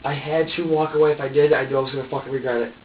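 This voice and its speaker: A man being questioned by police, recounting events in a halting way, repeating himself and acting out what he said. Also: mid-range voice, steady tone, a little hiss or hum. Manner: halting, repeats and restarts, reenacts his own words. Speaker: suspect in police interrogation. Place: police interview room. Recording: echoey, distant, phone-like archive audio.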